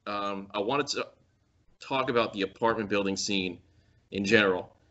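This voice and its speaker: A man co-hosting a podcast, chatting excitedly about a movie with lots of fillers and laughter. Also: on the low side, normal speed. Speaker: podcast co-host. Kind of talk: casual chat reviewing a movie. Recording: slightly dull lo-fi sound.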